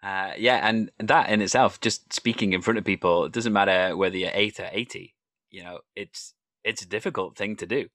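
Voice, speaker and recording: Low-voiced man hosting, dry sound. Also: fairly even intonation, moderate pace, a bit bright, dry recording. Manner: tells anecdotes, acting out quoted dialogue. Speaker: podcast host interviewing an improviser. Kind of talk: casual conversational interview.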